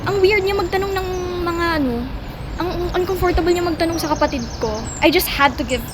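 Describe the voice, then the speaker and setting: A woman's voice: very high-pitched, fairly even intonation, fast talker. A young woman with a Filipino accent, playing an earnest, apologetic wife talking outdoors. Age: young adult. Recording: street noise outdoors.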